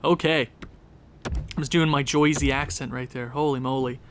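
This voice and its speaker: A young man casually commentating his hockey video game season, quick and excitable as he recaps scores. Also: fairly high pitch. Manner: excitable, talks fast through game recaps. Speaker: gaming YouTuber.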